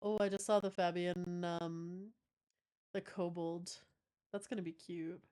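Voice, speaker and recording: A woman's voice: fairly low pitch, level tone, measured pace, dark tone, clean tone. A young woman livestreamer chatting casually and playfully with her audience, reading their messages aloud with giggly asides. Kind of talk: casual chat with a live stream audience.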